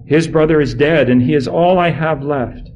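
A man voicing a weary, grieving aged father, speaking quietly and slowly. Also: mid-range voice, expressive, highs cut off, slight background noise. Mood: despairing. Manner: quiet, slow and heavy.

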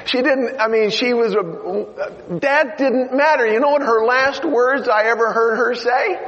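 Middle-aged male preacher, slow and gravelly, storytelling sermon, dull lo-fi church recording. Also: very high-pitched, lively intonation. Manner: storytelling, swings from loud exhortation to quiet asides. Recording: dull lo-fi sound in a reverberant hall.

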